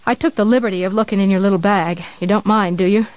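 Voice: mid-range voice, fairly even intonation, fast talker, smooth, no echo, close to an everyday voice. An obsessive, unstable woman caretaker speaks in an earnest, cloying, prim way, as an audiobook narrator puts her on. The menace sits under the sweetness. The recording is dry and a little dull. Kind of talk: audiobook reading.

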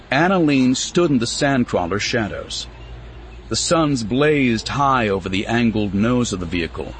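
An audiobook narrator reads a novel in a measured, expressive storytelling style. His voice is mid-range, with slight background noise in this scripted narration.

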